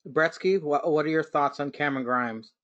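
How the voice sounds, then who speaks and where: A man hosting a casual podcast chat, with a somewhat high voice. He talks in a loose, joking way and keeps quizzing his co-hosts. The recording is dry and a little dull. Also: moderate pace, fairly bright tone, no echo. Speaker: podcast host.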